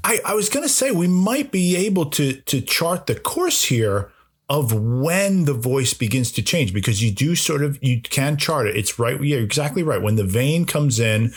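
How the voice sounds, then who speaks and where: Brief: a playful male comedy podcast host, husky voice, animated delivery. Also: mid-range voice, moderate pace. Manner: playful, mock-announcer flourishes.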